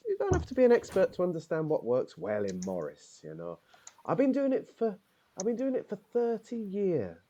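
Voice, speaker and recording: Man doing a proud middle-aged Morris dancer for a role-play game: opinionated, rambling, lively up-and-down delivery. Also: high voice, moderate pace, dull audio, heavily acted. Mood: boastful. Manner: opinionated, rambling, says "aye". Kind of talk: improvised character role-play.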